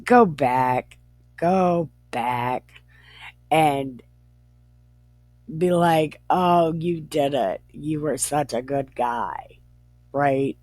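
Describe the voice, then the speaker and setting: Woman doing a laid-back male angel, slangy, coaxing, slow-paced, dry sound. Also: sits low, darkish tone, dry recording.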